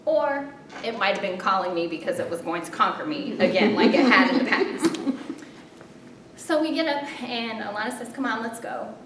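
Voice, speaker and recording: A woman recounts a personal story with animated, self-mocking drama and pauses. She sits far from the mic in a reverberant room. A steady low rumble runs underneath. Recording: roomy distant mic with rumble.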